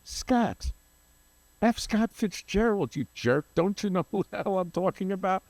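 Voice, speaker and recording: A man's voice: high voice, animated, unhurried, a little mellow, no echo, voice pushed up. A man voicing an old, famous male writer who gets impatient and scolds the listener. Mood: exasperated.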